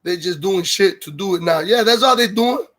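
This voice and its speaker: Animated and fairly bright in tone, a high-pitched man speaks at normal speed as he hosts his livestream. His rant is heated and profanity-heavy, and he keeps stopping to read viewer comments aloud before diving back into it.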